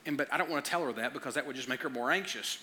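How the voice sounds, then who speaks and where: Bright-voiced man preaching conversationally. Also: mid-range voice, racing. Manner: storytelling, stammers and repeats words. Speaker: pastor. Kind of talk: conversational sermon.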